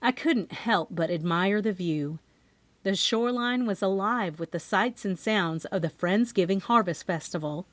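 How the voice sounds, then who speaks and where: A woman's voice: medium pitch, measured pace, no room sound. A woman narrating a cozy mystery audiobook in the first person, as a scripted reading. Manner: expressive first-person storytelling.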